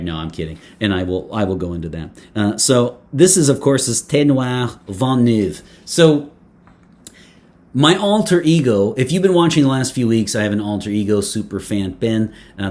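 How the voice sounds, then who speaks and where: Guy doing a casual fragrance review, lowish voice, joking around, lots of ums and restarts. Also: expressive, moderate pace, darkish tone. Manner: playful, chatty, lots of fillers and restarts; nitpicky, joking asides. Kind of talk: casual talk to camera.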